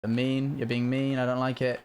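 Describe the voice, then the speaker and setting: A man streaming a building game live, chatting casually to his viewers and breaking into panicked high-pitched bursts when something goes wrong. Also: monotone, brisk, a little mellow, slight background noise.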